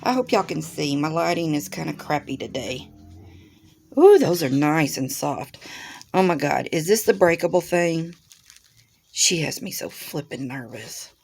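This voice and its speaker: A woman's voice: low voice, lively intonation, measured pace, gravelly, darkish tone, slight background noise. A woman, chatting to her viewers while unboxing crafts at her desk at home, gushing and exclaiming as she goes. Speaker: craft channel host. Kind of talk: casual unboxing chat to viewers. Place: home room with a desk by a window.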